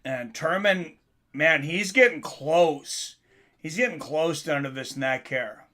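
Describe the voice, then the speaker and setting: A man casually calls a fight live for his stream chat, his voice rising in volume and excitement whenever something big happens. His pitch sits on the high side and he speaks slowly.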